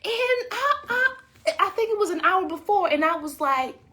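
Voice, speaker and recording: A woman's voice: very high-pitched, moderate pace. A woman, an author, telling a casual story to her viewers, acting out what people said and chatting to them directly. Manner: animated, acts out quotes, talks to viewers as y'all. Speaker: author and vlogger.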